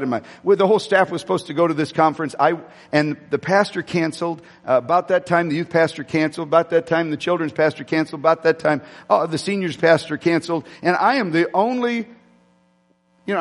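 Male pastor, fairly high voice, sermon storytelling, loose and rambling delivery, long hall echo. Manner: rambling, frequent restarts, addresses congregation directly. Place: church sanctuary.

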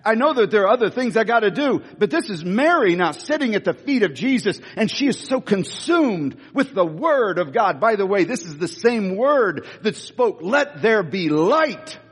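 Male preacher, high voice, lively pitch, husky, emphatic, echoing hall. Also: normal speed, few pauses. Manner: animated, emphatic, restarts and self-corrections. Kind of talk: sermon. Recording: long reverb in a big hall.

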